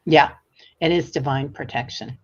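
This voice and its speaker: Low-pitched woman psychic guest, chatty and animated, on a dull remote feed. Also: normal speed. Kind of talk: livestream conversation.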